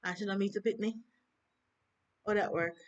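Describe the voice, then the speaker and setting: Woman, Jamaican accent, casual TV review vlog, animated, rhetorical questions, handheld phone. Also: mid-range voice, normal speed, highs cut off. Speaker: TV review vlogger. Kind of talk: casual chat.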